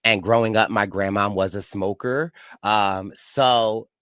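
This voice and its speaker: A chatty man hosts a casual podcast, telling animated stories. His voice is bright and forward. The sound is dry and close. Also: lowish voice, a little slow, smooth, dry recording. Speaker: podcast host. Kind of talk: casual chat.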